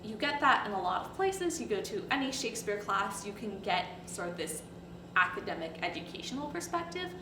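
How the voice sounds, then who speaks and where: A woman's voice: medium pitch, big pitch swings, fairly quick. A young woman in her twenties, a recent graduate, casually reflecting in an interview. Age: 20s. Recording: echoey, distant, noisy.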